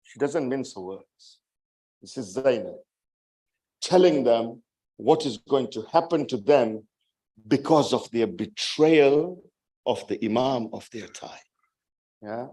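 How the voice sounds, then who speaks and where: Slow, emphatic male preacher. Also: medium pitch. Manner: rhetorical, keeps asking "right?" to the audience; slow, emphatic, rising to forceful peaks. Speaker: majlis speaker. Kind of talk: religious sermon.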